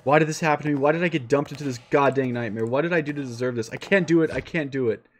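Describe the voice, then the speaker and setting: A man reading aloud as a despairing young man, a former high school student trapped in a war, in a pleading, self-pitying way. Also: rapid-fire, a little hiss or hum, close to an everyday voice. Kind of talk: reading a visual novel aloud.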